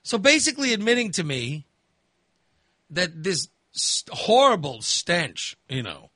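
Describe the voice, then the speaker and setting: A man hosting a talk show who tells a crude story in an animated, exasperated way and swears freely. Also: high-pitched, normal speed, dry recording. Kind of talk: casual storytelling chat.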